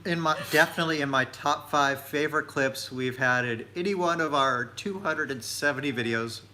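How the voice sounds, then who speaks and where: A man co-hosting a casual travel live stream on a phone, easygoing and measured. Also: on the high side, sharp tone, slight background noise. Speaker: travel vlog co-host.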